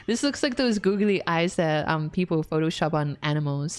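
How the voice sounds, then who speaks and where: A woman's voice: sits low, lively intonation, moderate pace, clear, resonant tone. A woman streamer casually playing a story game, reading its text aloud, laughing often and exclaiming at the twists. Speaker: VTuber streamer.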